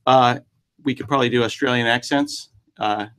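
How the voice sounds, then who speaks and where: A man's voice: mid-range voice, fairly even intonation, moderate pace, fairly bright tone, clean tone. Jokey rambling male host. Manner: jokey, rambling, self-deprecating. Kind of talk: casual live-stream chat.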